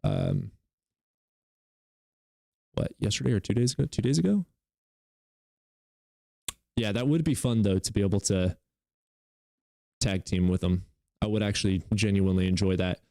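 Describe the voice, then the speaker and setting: A man's voice: on the low side, sing-song, normal speed, gravelly, pauses often, mellow, dry recording. A man hosting a livestream, chatting casually and profanely while reading out viewer comments. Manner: profane, joking, reads viewer comments aloud. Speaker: livestream host reading chat. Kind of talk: casual chat.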